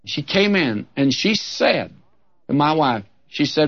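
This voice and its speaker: A man's voice: fairly high pitch, lively intonation, measured pace. An older male pastor preaching a sermon in a folksy, humorous way, reading scripture with emphatic swings. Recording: dull lo-fi old sermon recording.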